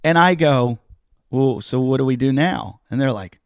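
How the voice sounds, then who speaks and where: A middle-aged man hosting a podcast spins a story in casual chat, slipping into the voices of the people he meets. His voice sits at an ordinary pitch and sounds dry and close, with little room around it. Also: normal speed, no echo. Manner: animated storyteller acting out other people's lines; swears casually. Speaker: podcast host and comedian.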